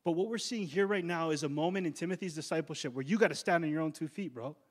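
A man's voice: fairly high pitch, fast talker. A young man preaching a sermon as pastor, in a casual slangy way that builds to emphatic declarations.

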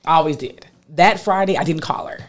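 A woman, a guest telling a personal story in an animated way, acting out what others said. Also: low-pitched, fairly quick. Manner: animated, quotes others with lively voices.

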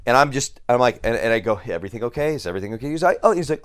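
A man on a podcast in a studio, telling a profane story in a casual, animated way and acting out the lines he quotes. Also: mid-range voice, very fast, dry recording. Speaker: podcast guest.

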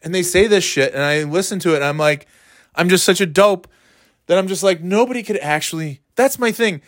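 A man's voice: high-pitched, brisk, dry recording, studio quality. A man ranting casually as a podcast host, rambling and sarcastic, swearing a lot. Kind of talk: casual profane rant.

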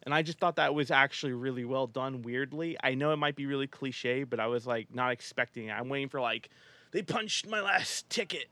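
Male co-host with a bright, sharp voice, recorded dry, rambling and halting through casual film talk. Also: mid-range voice, fairly even intonation, dry recording. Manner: rambling, halting, many "like" and "you know". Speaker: podcast co-host.

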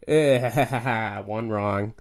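A man's voice: lowish voice, very slow. A young man co-hosting a casual podcast, joking and swearing while running movie trivia with a friend. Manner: laughing, swearing, playful quizmaster. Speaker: podcast co-host. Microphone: handheld camera.

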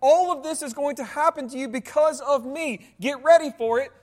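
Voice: sits high, normal speed, a little mellow. Predigt mit langem Kirchenhall. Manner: rhetorical questions to the congregation, with sarcastic asides. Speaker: pastor. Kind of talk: sermon. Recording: long hall reverb.

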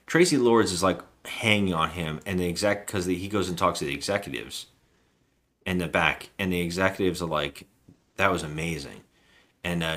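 A man's voice: deep voice, a bit bright. A man co-hosting a movie podcast, retelling scenes in casual chat and acting out characters' lines. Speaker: podcast co-host.

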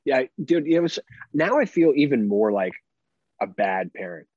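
A man's voice: mid-range voice, very animated, measured pace, a little mellow, husky, no echo, highs cut off. A man in his thirties, a podcast co-host, chatting casually and laid-back, swearing and laughing often. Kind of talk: casual chat.

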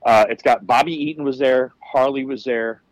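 A man with a mid-range voice and moderate pace tells candid, profane stories as a guest on a podcast, animated and casual in manner; he's a wrestler. The recording is low-quality with no echo.

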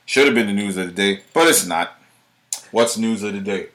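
A man's voice: fairly low pitch, moderate pace, a bit bright, slight background noise. A man, hosting his own show and delivering a heated, profane monologue straight at the listener. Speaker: show host.

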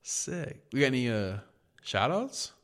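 A man's voice: medium pitch, sing-song, measured pace, a bit bright. A man from the United States co-hosting a podcast, telling rambling, profane stories in casual chat. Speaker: podcast co-host.

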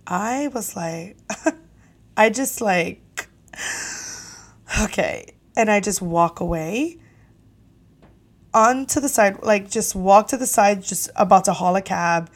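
A young woman hosting a podcast, telling a story casually with lively, profane, exasperated energy. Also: mid-range voice, takes it slowly, long pauses. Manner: animated, profane, exasperated retelling. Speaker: podcast host.

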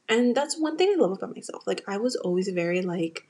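A woman's voice: medium pitch, animated, fast talker, few pauses, mellow, husky. A young woman from the United States hosting a podcast, telling a personal story in a candid, emotional way and talking straight to her listeners. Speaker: podcast host. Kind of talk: casual confessional storytelling.

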